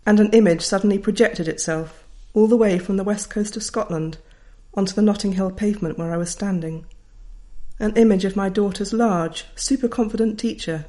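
A woman's voice: mid-range voice, moderate pace, warm tone. A middle-aged woman, a writer reading her own memoir aloud in a wry, reflective way. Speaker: author.

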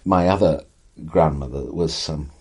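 A man's voice: rumbling low, a little slow, a little mellow, husky. An older man, a writer answering an interviewer's questions with eloquent, wry, theatrical storytelling. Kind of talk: animated conversational storytelling.

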